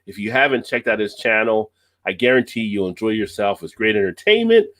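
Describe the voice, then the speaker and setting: Male streamer, relaxed banter, natural storyteller. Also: fairly low pitch, fairly quick. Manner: easygoing, laughs often, tells stories at length. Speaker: livestream host. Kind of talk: casual chat on a live stream.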